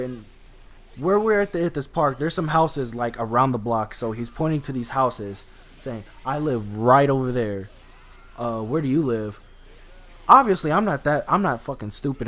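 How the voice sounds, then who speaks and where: A young man tells a story straight to camera, loose and rambling. He swears freely and keeps restarting his sentences, in a voice of middling pitch. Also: lively intonation, normal speed. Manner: rambling, profane, many restarts and fillers. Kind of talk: casual storytime.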